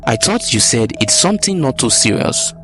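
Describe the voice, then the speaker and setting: A man's voice: mid-range voice, sing-song, normal speed, music in the background, close to an everyday voice. A man voicing a stern husband who demands answers in a folktale. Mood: demanding. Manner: demanding, questioning.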